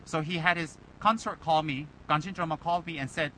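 A man speaking as a Buddhist lama, loose and talkative with his students, who keeps firing rhetorical questions and mimicking the people who criticize him. His voice sits high and sounds bright and forceful. A faint low rumble, like a passing vehicle, runs behind him. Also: quick pace, hardly any pauses, poor audio. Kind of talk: informal dharma talk to students.

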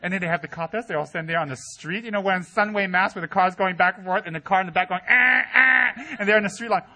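Animated, bright-voiced man teaching. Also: very fast. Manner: animated storytelling, mimics students in high squeals. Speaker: Buddhist teacher. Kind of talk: humorous dharma talk. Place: teaching center hall.

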